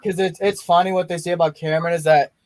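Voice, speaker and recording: A man's voice: a little high, little pitch movement, quick pace, dry recording. A young man hosting a casual movie watch-along, rambling enthusiastically with frequent restarts. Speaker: podcast host.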